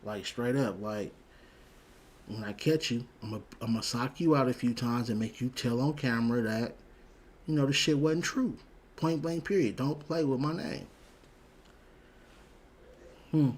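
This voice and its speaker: Husky-voiced man ranting as a show host. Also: medium pitch, a little slow, pauses often. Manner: blunt, profane, heated, with frequent repeats. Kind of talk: casual commentary rant.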